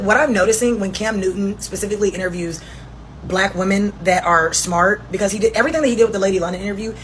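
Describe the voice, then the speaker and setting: A woman's voice: mid-range voice, slight background noise, rough recording. A woman co-hosting a casual talk show, retelling an interview with exasperation. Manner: animated storyteller, exasperated. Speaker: co-host.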